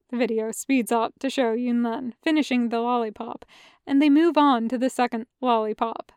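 Woman reading fanfic aloud, high smooth voice, dry close sound. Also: fairly even intonation, normal speed, darkish tone, no room sound. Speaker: podfic reader. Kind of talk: fan fiction audiobook narration.

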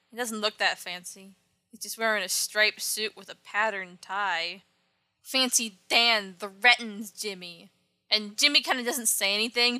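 A woman's voice: fairly high pitch, bright, forceful tone, dry recording. A woman casually retelling an old comic book story, with wry offhand asides. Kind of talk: casual comic recap narration.

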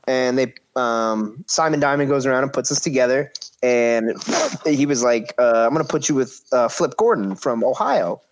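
Animated man telling a wrestling story. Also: mid-range voice. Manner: animated, acts out quoted voices, swears casually. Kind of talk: casual storytelling chat.

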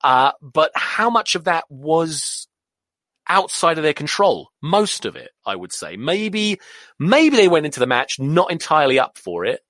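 Lively sweary English man ranting. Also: fairly high pitch, measured pace, no room sound, clean studio sound. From England. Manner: animated, sweary, rambling off on tangents. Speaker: podcast host. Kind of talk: casual rugby rant.

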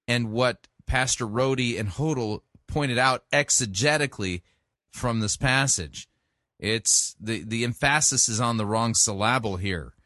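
A man who hosts a show, commenting critically on sermon clips in a sharp, pointed way. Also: mid-range voice, no room sound, clean studio sound. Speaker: podcast host.

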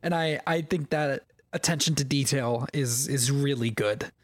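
A man co-hosting a casual podcast, chatty and quick to laugh, with lots of fillers. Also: mid-range voice, no echo. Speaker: podcast co-host. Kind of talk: casual chat.

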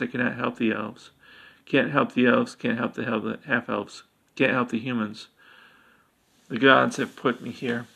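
A man reading as a solemn, gravelly elf seer. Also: medium pitch, fairly bright tone. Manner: solemn, brooding.

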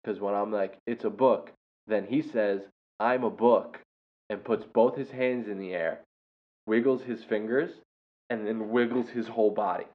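A young man casually telling a funny story about a first grader, laughing often and breaking into loud impressions. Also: lowish voice, normal speed. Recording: dull lo-fi sound.

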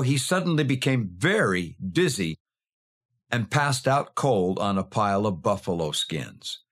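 A man host narrating a true story in a measured, expressive storytelling style. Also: medium pitch.

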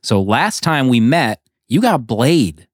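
A man's voice: medium pitch, very animated, slow pace, slightly rough, dry recording, studio quality. A man co-hosting a film podcast, talking in a casual, playful way and teasing his co-host. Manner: playful, teasing, laughs often. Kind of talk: casual chat.

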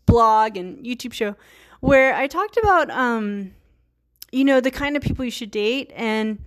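A woman in her thirties, from Virginia, hosting her own podcast and talking casually with many fillers and restarts. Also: a little high. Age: 30s. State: a little tired. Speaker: podcast host. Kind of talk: casual solo talk.

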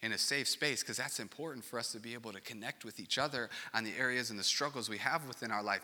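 Pastor, male, earnest sermon, bright sharp voice, long hall reverb. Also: mid-range voice, fast, few pauses. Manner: earnest, swings from hushed to loud and passionate.

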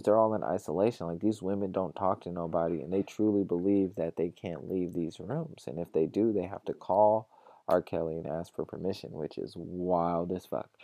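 A man with a very low, gravelly voice recaps a story for his podcast listeners. He talks loosely and swears freely, slipping into quoted lines from the people involved. The sound is dark and dry, close to the mic. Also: no echo. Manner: profane, animated retelling with quoted voices. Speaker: podcast host.

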